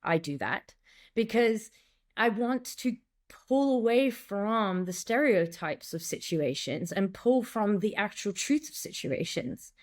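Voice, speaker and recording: This woman, an acting coach and director, speaks animatedly in a casual interview, acting out quotes and lines with many restarts. She has a mid-range voice and speaks slowly.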